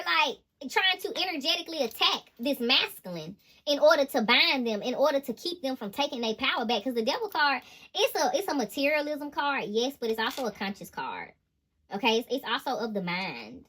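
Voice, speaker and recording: High, bright-voiced woman tarot reader. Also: fairly quick. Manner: animated, emphatic and slangy, laughs often. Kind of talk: tarot reading monologue.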